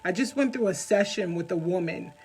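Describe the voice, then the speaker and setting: A woman coach speaking earnestly and emotionally straight to the listener in a heartfelt talk, with soft music underneath. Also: on the low side, a little fast, breathy edge, rough recording. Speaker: healing coach. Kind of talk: heartfelt direct-to-camera talk.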